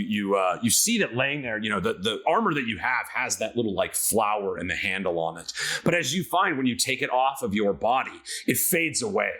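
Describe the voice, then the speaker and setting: A man's voice: lowish voice, slightly rough. A man narrating a tabletop game as game master, casual and full of fillers. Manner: casual, filler-heavy, lively storytelling.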